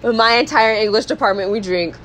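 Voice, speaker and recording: A woman's voice: on the high side, brisk, fairly bright tone, slight background noise, rough recording. A young woman hosting a podcast, recapping a film in casual chat, acting out the characters' lines and laughing often. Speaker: podcast host.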